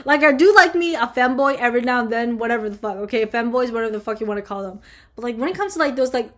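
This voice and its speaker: A young woman vlogger answering viewer questions in a casual, heated rant, swearing constantly and filling every pause with fillers. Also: a little high, expressive, a bit bright. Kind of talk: casual ranting chat.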